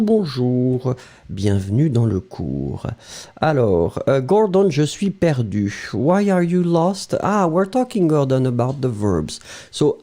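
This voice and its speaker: A man's voice: fairly high pitch, mellow. A man with a French accent teaching a live online language lesson, explaining patiently and greeting viewers by name.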